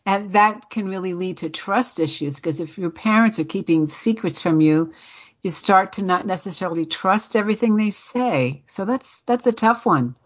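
A woman hosting a radio interview show, asking her guest questions in a measured, friendly way. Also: medium pitch. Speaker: radio host.

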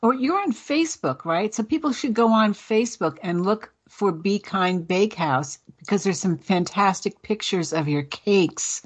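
A woman's voice: medium pitch, lively intonation, moderate pace, few pauses, husky. A woman hosting a casual radio chat, tasting cookies on air, chatty and laughing often. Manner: chatty, laughs often, talks with mouth full. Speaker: radio show host.

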